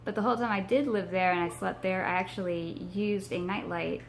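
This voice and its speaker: A young woman from Texas chatting casually to her viewers, her voice hoarse from a sinus infection, rambling with many ums. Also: mid-range voice, steady tone, a little fast, a little hiss or hum. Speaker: paranormal vlogger. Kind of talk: casual vlog chat to camera.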